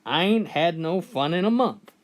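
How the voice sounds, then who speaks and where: A woman's voice: fairly low pitch, animated, moderate pace, close to an everyday voice. A woman voicing an earnest, patient schoolteacher coaxing a pupil.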